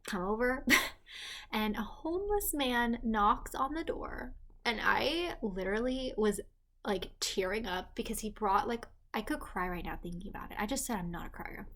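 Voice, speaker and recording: A young woman casually chatting in a vlog, rambling on tangents and often speaking quietly and hushed while her partner sleeps nearby. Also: fairly high pitch, expressive, normal speed. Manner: rambling, chatty, self-deprecating. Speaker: vlogger. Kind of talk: casual pregnancy update vlog.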